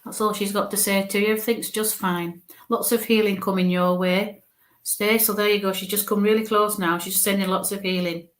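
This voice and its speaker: In a steady mid-range voice, a little fast, a spirit medium gives viewers a live reading. She thinks aloud while relaying what she senses, chatty and comforting, her speech dotted with many "okays" and "bless yous."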